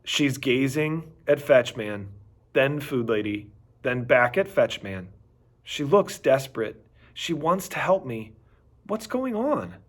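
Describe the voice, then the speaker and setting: Animated man reading a kids' book slowly. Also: medium pitch. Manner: animated, expressive storytelling. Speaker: reader. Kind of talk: reading a children's chapter book aloud.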